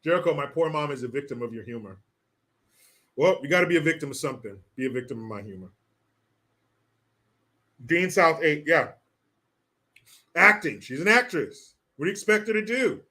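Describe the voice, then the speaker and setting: A man's voice: on the high side, lively intonation, a little fast, long pauses, pushed and bright. A man hosting a live-stream commentary show, reading out viewer messages and mocking people with plenty of swearing. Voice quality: mocking, swearing, breaks into laughter. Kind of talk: casual profane commentary.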